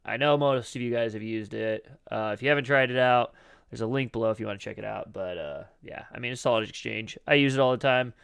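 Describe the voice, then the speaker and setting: A man's voice: mid-range voice, fast, vocal fry, fairly bright tone, clean tone. A man casually talking through trading charts on a live stream, rambling and loose with the occasional curse word, his voice scratchy and cracking. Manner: rambling, loose and profane, many fillers. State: throat scratchy, clearing it often.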